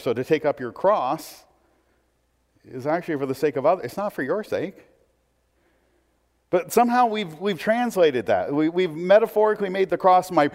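A man's voice: on the high side, a little mellow. A man preaching a sermon in a conversational way, with asides and restarts. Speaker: pastor. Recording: long hall reverb.

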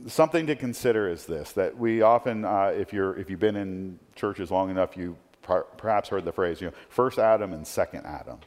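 A man preaching a sermon in a relaxed, conversational way, often checking in with "right?" and restarting his phrases. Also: deep voice, a little fast, hardly any pauses, in a large hall. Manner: conversational, tag questions, frequent restarts. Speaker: pastor.

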